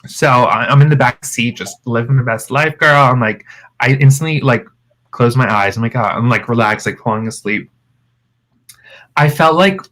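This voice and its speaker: A man co-hosting a podcast, telling a wild story in casual chat, animated, cursing often and calling his friends "girl". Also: mid-range voice, low-quality recording. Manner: animated, swears freely, calls friends "girl". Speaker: podcast co-host.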